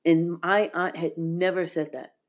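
Earnest woman guest, low voice, heartfelt storytelling with lots of "like". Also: fairly even intonation, unhurried. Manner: earnest, heartfelt, frequent "like" fillers. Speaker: podcast guest. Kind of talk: emotional personal storytelling.

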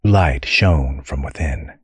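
A man reading an audiobook with measured, steady storytelling. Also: rumbling low, slightly rough, no echo. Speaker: audiobook narrator. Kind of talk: scripted narration.

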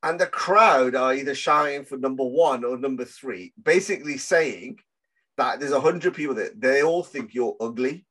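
A man's voice: medium pitch, normal speed, fairly bright tone. A man chatting casually on a podcast, rambling and trailing off mid-thought. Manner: rambling, trails off, laughs along. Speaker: podcast host. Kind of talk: casual chat.

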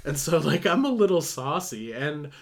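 A man's voice: fairly high pitch, very animated, moderate pace, vocal fry. Young guy rambling thru a story on a podcast, laughs at himself, swears a lot. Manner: rambling, self-mocking, heavy on "like" and swearing. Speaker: podcast co-host. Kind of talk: casual storytelling chat.

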